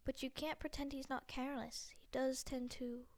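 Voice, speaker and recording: A woman's voice: high voice, fairly even intonation, moderate pace, a little mellow. A woman voicing a stern older female witch professor, her voice trembling and pleading, at times half-whispered, in a storybook reading. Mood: doubtful.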